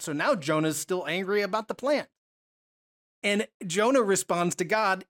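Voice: mid-range voice, moderate pace, a bit bright. A preacher teaching a Bible passage in a conversational sermon, full of rhetorical questions and self-corrections.

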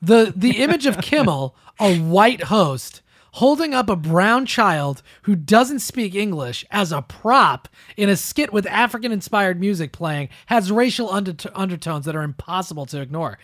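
A podcast host rants sarcastically about the news in casual chat, his high voice swinging widely in pitch at a moderate pace. His sound is a bit bright and clean, recorded on a close studio mic with no room sound.

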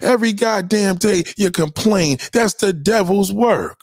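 Speaking unhurriedly in a high-pitched voice, a male livestream host gives a fiery, sermon-like motivational rant full of constant swearing and repeated points. The home webcam mic recording comes across clean, studio-like, and free of room sound.

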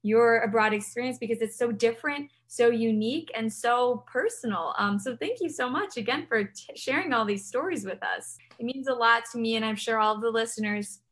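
A woman's voice: fairly high pitch, a little fast, few pauses, fairly bright tone. A young woman hosting a podcast, upbeat and effusive as she thanks her guest and signs off. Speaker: podcast host. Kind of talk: podcast interview and outro.

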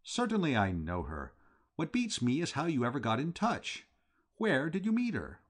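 A man voicing a breezy, talkative young English gentleman with a jaunty, bluff manner. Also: a little high, wildly swooping pitch, moderate pace, voice pushed up.

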